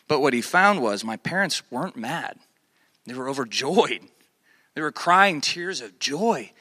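Young adult man, casual storyteller, animated, bright forceful voice, dry close recording. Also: fairly high pitch, moderate pace, no room sound. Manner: animated storyteller, acts out quoted voices, many fillers.

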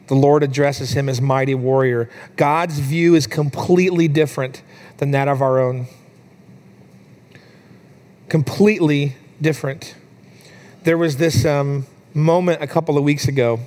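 A man in his thirties delivering a sermon in a slightly higher-than-average voice. He talks casually, with frequent fillers, telling personal stories. When the story turns tender, his voice climbs higher and grows softer. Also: fairly even intonation, unhurried. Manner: conversational storytelling with fillers, rising higher and softer in emotional moments. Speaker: pastor.

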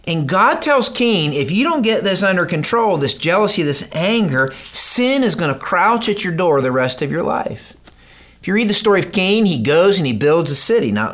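Male pastor, sermon, animated delivery, slightly high voice, casual preaching tone. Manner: animated, conversational preaching with acted-out quotes.

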